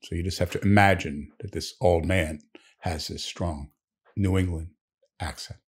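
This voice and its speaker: A man's voice: low-pitched, fairly even intonation, normal speed, slightly rough. A man telling a long joke story in a leisurely, conversational way, with asides to the listener.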